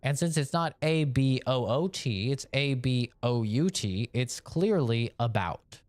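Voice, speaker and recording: A man from Canada ranting on a live game stream, opinionated and animated, spelling words out letter by letter. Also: mid-range voice, unhurried, no echo. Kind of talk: casual rant during a live game stream.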